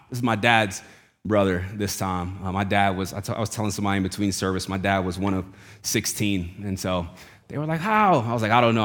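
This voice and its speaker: A man preaching a sermon, telling a family story in a casual, conversational way and dropping his voice low and quiet when quoting people. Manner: conversational, casual slang, voice drops low and quiet for quoted lines. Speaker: pastor.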